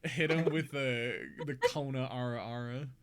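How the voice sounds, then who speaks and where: A man's voice: mid-range voice, moderate pace, a bit bright. A man hosting a live stream, chatting casually with a rambling, laughing manner. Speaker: streamer and show host.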